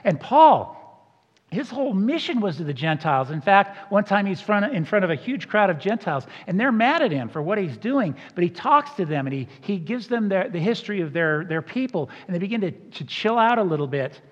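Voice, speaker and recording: High-voiced man preaching in a reverberant hall. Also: big pitch swings, a little fast. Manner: conversational, emphatic preaching with asides. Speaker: pastor. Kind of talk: sermon. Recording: dull sound with long hall reverb.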